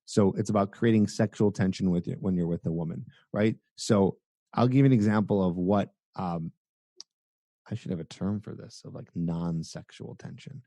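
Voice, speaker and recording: Young guy dating coach on a podcast, low mellow voice, dry close sound, super energetic. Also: normal speed, no echo. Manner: energetic, acts out examples in a high goofy voice. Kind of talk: podcast interview, explaining tips.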